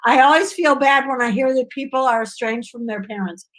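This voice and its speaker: A woman's voice: sits high, brisk, rough recording. A woman comedian, the guest, telling stories in casual interview chat and acting out other people's voices. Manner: animated storyteller who acts out voices.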